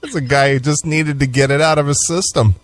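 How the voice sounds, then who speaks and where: A man's voice: on the high side, fairly even intonation, brisk, faint music behind. A man hosting a talk radio show, laid-back and profane, chuckling through casual banter and taking calls.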